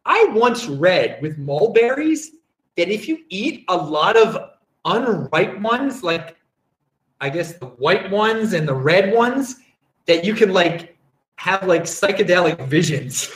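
Here the host's voice sits high and a bit bright, very animated yet slow in pace, captured in poor, reverberant audio. He reads viewer comments on a casual livestream and wanders off topic, chuckling and often stopping mid-sentence.

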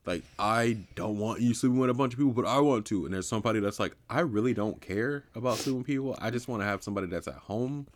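A man's voice: on the low side, fast, hardly any pauses. A young man co-hosting a podcast in casual chat, rambling and sometimes losing his point. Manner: rambling, loses his train of thought. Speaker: podcast co-host.

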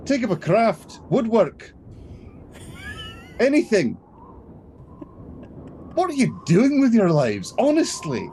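Man playing a heavily accented dwarf fighter, indignant, lively rise and fall. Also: high-pitched, takes it slowly, long pauses, slight background noise, voice pushed up, exaggerated voice. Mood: exasperated. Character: exasperated gruff male dwarf warrior.

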